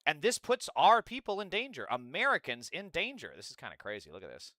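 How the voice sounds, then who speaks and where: A man's voice: fairly high pitch, huge pitch swings, brisk, pushed and bright, dry recording, studio quality. A man hosting a political commentary livestream, talking in a profane, sarcastic and rambling way. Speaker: livestream host.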